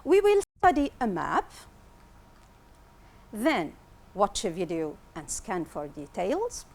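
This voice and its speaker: Woman English teacher, televised lesson, slow careful delivery, animated pitch, repeats words to drill pronunciation. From Tunisia.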